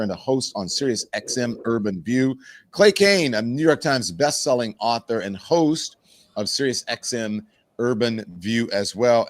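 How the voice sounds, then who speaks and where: A man hosting a live panel show, chatty and quick to cut in with questions. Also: medium pitch, dry recording. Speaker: talk show host. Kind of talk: casual live panel talk.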